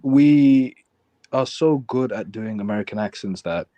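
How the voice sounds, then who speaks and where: A man's voice: lowish voice, lively intonation, warm tone, no echo. Joking English man, dry close sound. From England. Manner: joking, teasing, quick laughs. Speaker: livestream host. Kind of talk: casual livestream chat.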